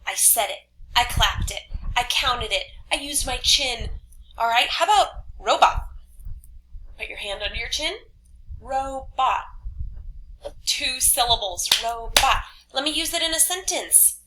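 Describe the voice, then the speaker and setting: A woman teaching third graders in a recorded online lesson, upbeat, speaking slowly and clearly to children, with some whispered asides. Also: on the high side, expressive, pushed and bright, a little hiss or hum, low-quality recording. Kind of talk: online class lesson video.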